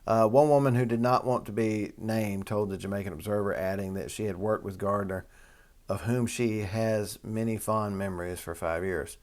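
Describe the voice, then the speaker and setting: A man's voice: low-pitched, moderate pace. A man, hosting a casual talk show and reading a news article aloud with rambling asides. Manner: folksy, rambling, with y'all and asides. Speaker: host.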